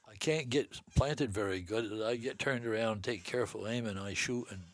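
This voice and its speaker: Brief: older man from Vermont, lowish voice, easy unhurried yarn-spinner. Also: no room sound. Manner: folksy, unhurried storyteller. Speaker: hunting guest. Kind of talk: storytelling interview.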